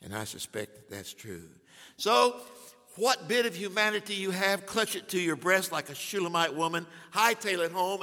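An older man preaching a sermon as a pastor, telling humorous stories and swinging from hushed asides to loud declarations. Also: a little high. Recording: long hall reverb.

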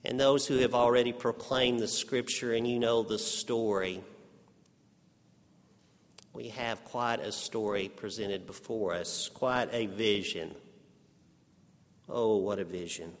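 A man with a Texas accent preaching a sermon after an opening prayer, measured and building to dramatic emphasis. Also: on the low side, steady tone, in a large hall. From Texas Panhandle. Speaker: seminary teacher preaching. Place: large church sanctuary.

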